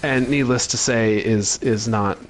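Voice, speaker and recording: A man co-hosting a casual podcast, calmly summarizing game lore with frequent fillers. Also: mid-range voice, unhurried, slight background noise. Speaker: podcast co-host.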